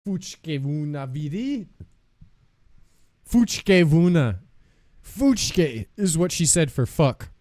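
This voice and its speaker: A man's voice: a little high, no echo. A man streaming live, chatting casually with viewers in a playful, joking way, laughing often and swearing freely.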